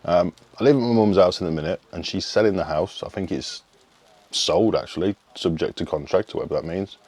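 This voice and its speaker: Very low-voiced rambling man. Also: fairly quick, a little mellow. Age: 30s. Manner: rambling, frank, casual swearing. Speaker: fitness coach. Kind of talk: casual vlog chat.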